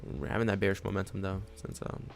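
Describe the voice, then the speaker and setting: A man with a low, gravelly voice chats through his live trading session from his desk at home. He rambles and thinks aloud in a loose, casual way, with faint music playing behind him. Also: completely flat delivery, fast. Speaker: day-trading live streamer. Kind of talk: casual live-stream commentary.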